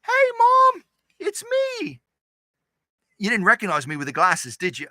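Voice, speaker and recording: A man's voice: high voice, huge pitch swings, a little slow, pushed and bright, no room sound, studio quality, voice pushed up, exaggerated voice. A man putting on a goofy little-boy voice with a put-on English accent, phoning his mom from abroad. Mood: playful. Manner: goofy, squealing, playful.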